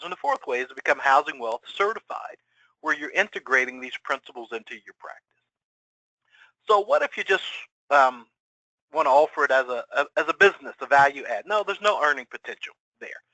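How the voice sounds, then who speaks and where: A middle-aged man giving a webinar presentation to financial advisors, energetic and full of rhetorical questions. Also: fairly high pitch, fairly quick, no echo, poor audio. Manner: energetic, rhetorical questions, acts out quoted clients.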